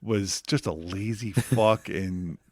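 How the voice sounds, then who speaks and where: A man's voice: lowish voice, slow, no echo, studio quality. A man from New Jersey co-hosting a podcast, swearing freely and laughing through his stories. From New Jersey, USA. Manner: profane, laughing, animated. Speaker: podcast co-host. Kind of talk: casual chat.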